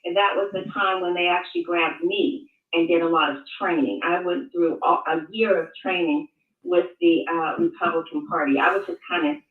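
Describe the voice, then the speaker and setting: An older woman, a guest, who speaks in a measured, halting way and often restarts her words. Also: lowish voice, steady tone. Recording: tinny phone-like line, echoey, far from mic.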